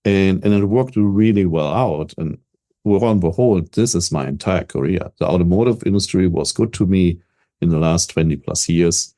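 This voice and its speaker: An older German-born man, with a German accent, chats in an interview as a business coach. Low-voiced and moderately paced, he is energetic and confident, regularly repeating words at the outset of a thought.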